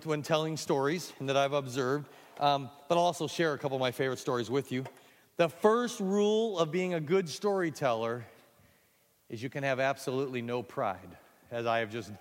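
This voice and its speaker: An animated man with a fairly high voice runs a storytelling workshop for an audience. He talks in a self-deprecating way and often stumbles over repeated words as he starts a sentence. A long hall reverb trails after his voice. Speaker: speaker teaching storytelling to children's ministry workers.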